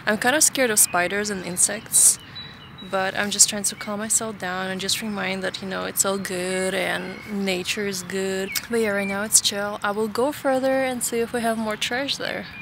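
A woman's voice: mid-range voice, fairly even intonation, normal speed. Woman vlogger, outdoors, ranting and chatty, noisy outdoor recording. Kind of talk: casual outdoor vlog. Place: outdoors in a park. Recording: outdoor noise. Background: birds and outdoor ambience.

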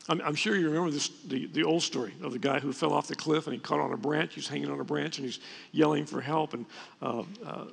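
Fast and a little high, this pastor's steady voice is creaky and husky. He delivers his sermon conversationally in a church sanctuary, frequently restarting as he goes. The recording carries the long reverb of a church hall.

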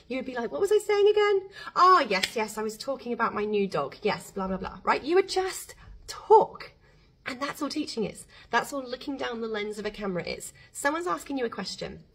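Middle-aged woman coach, husky voice, chatty and emphatic to camera, mid-pitched. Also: rough recording. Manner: chatty, emphatic, acts out quoted speech. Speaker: course creation coach.

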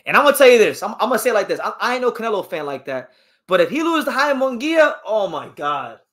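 A man hosts a live boxing talk stream, reading questions from chat and answering with emphatic, strong opinions. His high voice swings widely in pitch, moves fast, and has a fairly bright tone, and he repeats words when he gets fired up.

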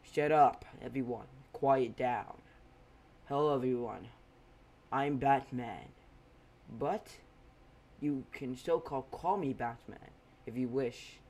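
A man voicing a brooding, smug teenage vigilante in a bat suit, speaking loud, slow and menacing. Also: medium pitch, husky. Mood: commanding.

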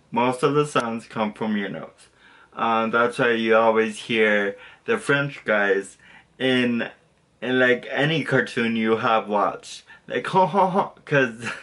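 A man's voice: mid-range voice, pushed and bright. A young man casually teaching a basic lesson, rambling and correcting himself with lots of fillers and apologies. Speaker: language tutor.

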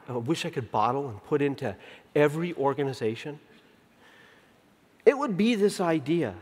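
A man in his fifties giving a conference keynote. He tells stories in an animated way, acts out the dialogue, and slows down to stress key points. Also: on the high side. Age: 50s. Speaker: keynote speaker. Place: large conference venue. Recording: long reverb of a big hall.

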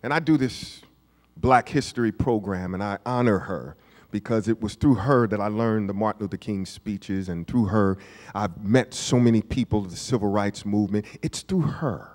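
A man in his fifties preaching a sermon, putting questions to the congregation and swinging from hushed asides to shouts. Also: lowish voice, moderate pace. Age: 50s. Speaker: pastor. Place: church sanctuary. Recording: church hall reverb.

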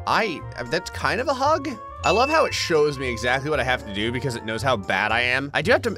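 A young man commentating a video game, excitable and joking, laughing often as he plays. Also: high voice. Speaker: gaming YouTuber. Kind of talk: let's-play commentary.

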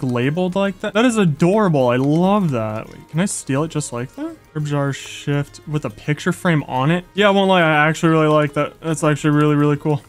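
A young man giving excitable, gushing Let's Play commentary, yelping when enemies appear. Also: a little high. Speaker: gaming YouTuber.

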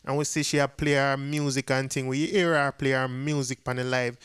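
Chatty Jamaican man, smooth voice. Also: medium pitch, little pitch movement, a little fast, fairly bright tone, dry recording. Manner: chatty, mixes patois and English. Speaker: dancehall gossip vlogger. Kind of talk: casual commentary to viewers.

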